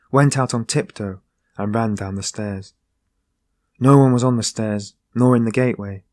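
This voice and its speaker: A man narrating a classic novel as an audiobook, in a steady, measured reading. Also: lowish voice, dry recording. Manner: steady, measured reading that rises into voiced dialogue.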